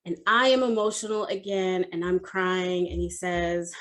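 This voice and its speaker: Expressive woman telling a personal story. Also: on the low side, moderate pace, hardly any pauses. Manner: expressive, animated storytelling with fillers. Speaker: coach. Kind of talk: storytelling talk at an online summit.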